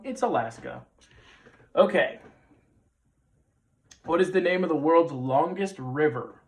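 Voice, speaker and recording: Man, thirties, trivia show host, playful asides, slow delivery, slightly high voice. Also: animated, slight background noise. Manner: playful, jokey asides, repeats questions. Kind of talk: hosting a live trivia quiz.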